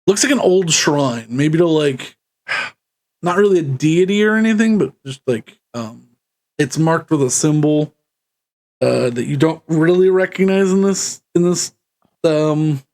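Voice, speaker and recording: A man's voice: fairly high pitch, takes it slowly, gravelly, long pauses, a little mellow. A man narrating as game master of a tabletop game, rambling loosely and laughing often.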